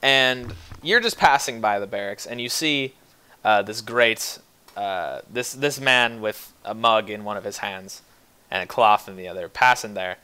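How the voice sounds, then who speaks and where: A man's voice: fairly low pitch, a little slow, bright, forceful tone, clean tone. A man narrating a tabletop game as game master, in a casual, rambling way with fillers.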